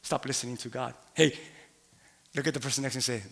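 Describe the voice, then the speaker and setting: A man preaching a sermon in a church, animated, laughing, and rising to shouts. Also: medium pitch, fast talker, creaky. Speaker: pastor. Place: church sanctuary. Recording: long hall reverb.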